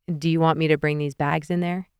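A weary young man with a dry, teasing way of talking, as a woman narrator reads his lines. Her voice sits low and smooth, and it sounds close and dry. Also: flat delivery, brisk, no echo. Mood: mild exasperation.

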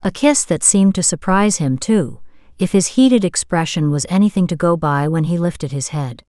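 A woman narrating a romance novel as an audiobook, in a smooth, steady storytelling manner. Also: on the low side, normal speed, no room sound, clean studio sound.

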